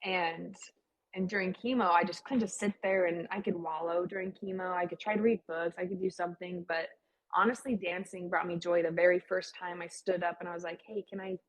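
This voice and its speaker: A woman's voice: fairly low pitch, fairly even intonation, a little fast, rough recording. A young adult woman speaking as an interview guest in a chatty, heartfelt way, with many "like" fillers. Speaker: guest sharing her cancer story. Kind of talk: casual interview talk.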